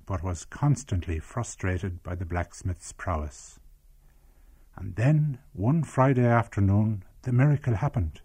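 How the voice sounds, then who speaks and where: A middle-aged Irish man, a radio producer, reading his childhood memoir in a measured, lyrical way. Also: fairly low pitch, mellow, slightly rough. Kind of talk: scripted memoir narration and on-location chat.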